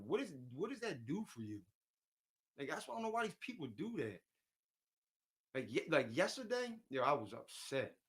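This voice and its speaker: A man hosting a casual livestream, rambling and venting, often repeating himself and reading viewer comments aloud. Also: a little high. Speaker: livestream host.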